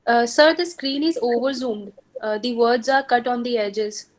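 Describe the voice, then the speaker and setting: A woman's voice: on the high side, normal speed. A woman student with an Indian English accent, speaking politely and hesitantly to her teacher and saying sir often.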